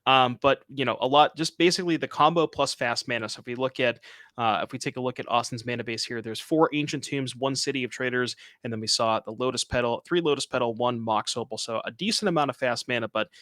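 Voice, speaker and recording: A man's voice: mid-range voice, fast, a bit bright, no room sound. A man doing live card game commentary as co-commentator, analytical as he breaks down plays and options.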